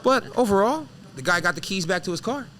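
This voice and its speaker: A man who is a professional fighter, guesting on an interview show and telling animated, profane stories that act out each scene. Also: sits high, quick pace. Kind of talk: casual storytelling interview.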